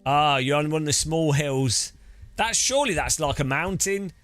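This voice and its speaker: A man's voice: a little high, animated, normal speed, a bit bright, faint music behind. A man casually chatting on a sim-racing live stream, joking and rambling as he reads chat aloud.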